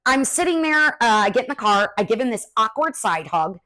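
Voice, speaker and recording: A young adult woman hosting a podcast, telling personal stories in a casual, animated way with lots of "like" fillers. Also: a little high, a little fast. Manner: chatty, animated, many "like" fillers. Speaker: podcast host. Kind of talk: casual storytelling chat.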